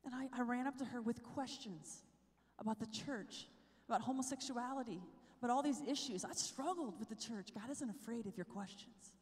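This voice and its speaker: A young woman giving an animated talk at a youth conference, telling her story, sometimes whispering and sometimes shouting. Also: fairly high pitch, moderate pace. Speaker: conference speaker. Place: large hall. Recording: long hall reverb.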